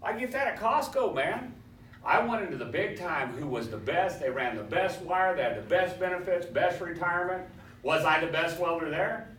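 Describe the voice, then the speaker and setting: A man's voice: sits high, animated, moderate pace, fairly bright tone. Swaggering male welding teacher, echoey room. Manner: swaggering storyteller, quizzes students. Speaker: welding instructor. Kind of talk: classroom lecture. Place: classroom. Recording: echoey classroom, far from mic, faint hiss.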